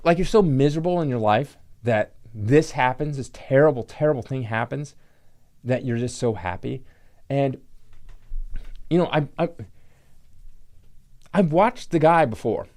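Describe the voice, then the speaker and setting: A man's voice: medium pitch, expressive, measured pace, long pauses, darkish tone. A man hosting his own channel, talking to camera in an indignant, rambling way and leaning on the word "like". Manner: indignant, rambling, heavy use of "like". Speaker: channel host, comic book collector. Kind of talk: casual opinion rant to camera.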